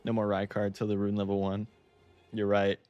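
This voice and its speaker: A man's voice: on the low side, completely flat delivery, moderate pace, a little mellow, smooth, no echo, highs cut off. A young man from the United States, chatting casually while streaming a game, laid-back and swearing freely. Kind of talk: casual livestream chat while gaming.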